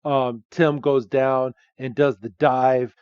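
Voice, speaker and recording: A man's voice: medium pitch, takes it slowly, clean tone, no room sound. Man recapping a movie, dull dry sound. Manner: animated retelling with frequent fillers. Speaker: podcast host. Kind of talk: casual movie recap chat.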